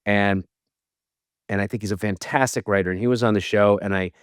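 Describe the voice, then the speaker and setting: A middle-aged man from Boston, an actor telling self-deprecating stories as a podcast guest, with halting restarts. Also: on the low side, fairly even intonation, clear, resonant tone, no room sound, clean studio sound. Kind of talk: casual storytelling interview.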